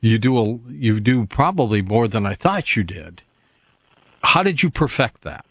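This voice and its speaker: A man hosting a radio call-in show, taking calls in a brisk, friendly way. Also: medium pitch, expressive, a bit bright, breathy edge, no room sound. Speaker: radio host.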